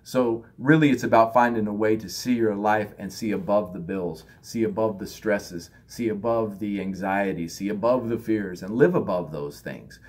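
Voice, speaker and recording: Husky low-voiced man giving a spiritual talk. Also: normal speed, few pauses. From United States. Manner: loose, conversational, acts out others in raised voices. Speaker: spiritual teacher.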